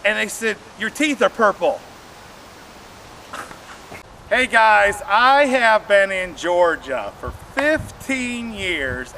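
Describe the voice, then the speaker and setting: A man's voice: high voice, pushed and bright, slight background noise. A man doing a stand-up comedy set, telling rambling stories and talking straight to the audience. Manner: rambling storytelling, addresses audience directly.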